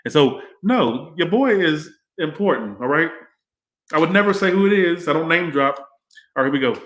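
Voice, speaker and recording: A man's voice: fairly high pitch, lively intonation, moderate pace, fairly bright tone. Chatty, rambling man in an echoey room. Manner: rambling, chatty, swears freely. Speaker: tarot reader and livestream host. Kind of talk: casual livestream tarot reading.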